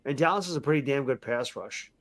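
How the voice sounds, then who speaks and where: A man's voice: medium pitch, animated, quick pace, fairly bright tone. A middle-aged man and football fan giving a frustrated, emphatic post-game rant, repeating himself often. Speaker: sports fan commentator.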